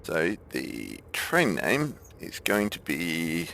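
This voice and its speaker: A man's voice: low voice, wildly swooping pitch, very slow, gravelly, bright, forceful tone, a little hiss or hum. A man streaming a game, chatting casually, thinking aloud and laughing often. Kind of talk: casual gameplay chat.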